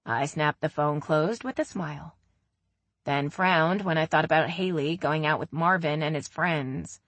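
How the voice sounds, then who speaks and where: A woman narrating a first-person romance audiobook in an even, steady storytelling manner. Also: deep voice, unhurried, no echo.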